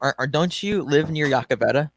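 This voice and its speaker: A man's voice: a little high, a little fast. A man co-hosting a casual movie chat, laid-back and joking while reading out donations.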